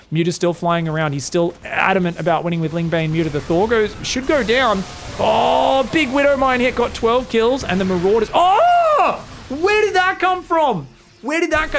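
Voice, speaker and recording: A man casting an esports match solo, excitable and jokey, with casual swearing. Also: high voice, slight background noise. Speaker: esports commentator. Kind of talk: solo game commentary.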